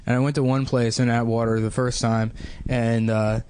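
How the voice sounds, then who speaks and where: A man's voice: medium pitch, little pitch movement, normal speed, a little mellow, clear, resonant tone, no room sound. A young man hosting a podcast, telling a long crude story in a rambling way, full of fillers. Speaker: podcast host. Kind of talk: casual storytelling.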